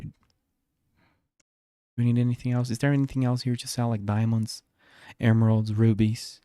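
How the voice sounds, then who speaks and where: A man's voice: mid-range voice, little pitch movement, moderate pace, pauses often, mellow, clean tone, no room sound, studio quality. A man streaming a space game, talking to himself in a rambling way with many restarts. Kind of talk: live gameplay commentary. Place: home.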